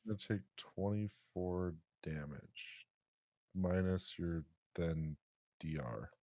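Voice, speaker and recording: Deep-voiced man running a tabletop game. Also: takes it slowly, mellow, no echo, clean studio sound. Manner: patient, explains rules step by step. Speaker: dungeon master.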